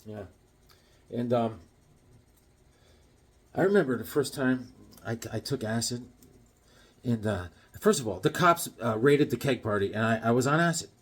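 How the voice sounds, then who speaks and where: Husky rambling comic-book guy. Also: mid-range voice, normal speed, long pauses. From Connecticut, USA. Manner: rambling, joking, tells deadpan tall tales. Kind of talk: casual rambling chat.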